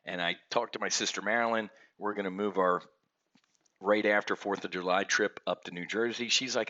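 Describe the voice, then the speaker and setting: An American man rants angrily as he hosts a trading show, stumbling and restarting mid-sentence. His voice sits a little low but comes out bright and forceful. The recording is dull and lo-fi. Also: fairly quick. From United States. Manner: angry, ranting, many restarts and stammers. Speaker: options trading show host. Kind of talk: ranting market commentary. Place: home office with trading computers.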